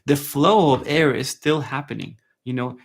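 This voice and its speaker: A man giving a live online saxophone lesson, relaxed and chatty, often checking in with his viewers and singing phrases to show them. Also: mid-range voice, moderate pace, gravelly, husky. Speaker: saxophone teacher.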